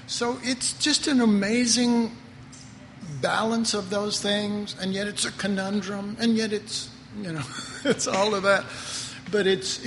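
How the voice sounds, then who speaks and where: A man giving an informal Bible teaching, playful and animated, acting out quotes with humor. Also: sits high. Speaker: preacher. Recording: reverberant hall, faint noise.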